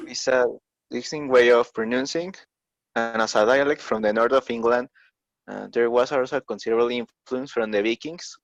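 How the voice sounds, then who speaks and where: A young man, a native Spanish speaker, reads his part of a class presentation in English, slowly and carefully, with pauses. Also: medium pitch, no echo, muffled recording. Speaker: student presenter.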